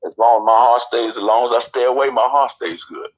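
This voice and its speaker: A man telling a personal family story as a guest, lively and acting out the quotes. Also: medium pitch, fast, dull audio.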